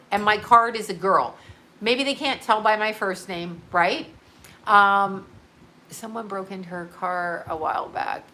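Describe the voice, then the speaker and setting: A woman's voice: mid-range voice, sharp tone. A woman telling a rambling story to her live viewers in a casual, chatty way, swearing freely. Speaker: livestream host.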